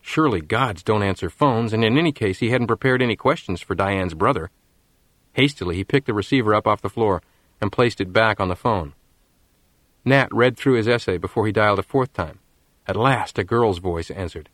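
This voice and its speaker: A man reading a story aloud in scripted narration, with a measured storytelling manner. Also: lowish voice, no echo. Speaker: audiobook narrator.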